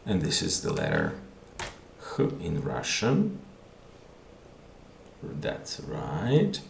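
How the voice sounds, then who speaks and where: A man gives a video language lesson in a low voice that rises and falls a lot. He talks patiently, repeating words and thinking aloud, with some roominess around him. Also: huge pitch swings, very slow, vocal fry, a little hiss or hum. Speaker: language teacher. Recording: roomy echo.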